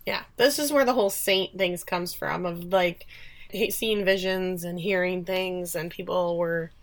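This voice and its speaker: A woman co-hosting a podcast chattily recaps a TV episode, sharing opinions and acting out the characters' lines. Her voice is fairly low and steady in tone, and she speaks a little slowly.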